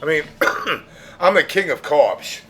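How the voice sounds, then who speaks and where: A man hosting a podcast group call, loud, joking and profane in casual chat. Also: on the high side, animated, takes it slowly, a little hiss or hum. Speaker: podcast host.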